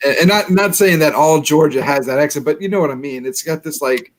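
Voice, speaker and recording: A man's voice: medium pitch, brisk, few pauses. Chatty New Orleans man, laughing often. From New Orleans, USA. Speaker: guest. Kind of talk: casual interview chat.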